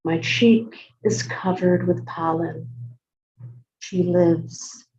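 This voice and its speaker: A woman poet reading her poems aloud in a slow, measured recitation. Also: on the low side, fairly even intonation, darkish tone, dull audio. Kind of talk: poetry reading.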